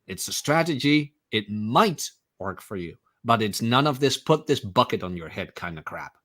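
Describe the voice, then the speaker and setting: A man hosting a podcast, reading out donations and making quick wry remarks. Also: lowish voice, sing-song, a bit bright. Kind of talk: casual podcast discussion.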